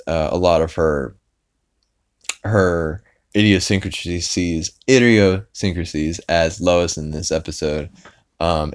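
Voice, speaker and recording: Deep-voiced rambling podcast host. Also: male voice, clear, resonant tone. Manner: rambling, many fillers and restarts. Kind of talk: casual episode recap.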